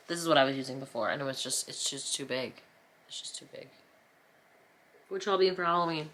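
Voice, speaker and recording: Low-voiced woman rambling while she paints. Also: brisk, pauses often, fairly bright tone, a little hiss or hum. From New Jersey. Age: 30s. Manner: rambling, self-mocking, playfully dramatic. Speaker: vlogger. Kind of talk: casual chat while painting. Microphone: camera mic.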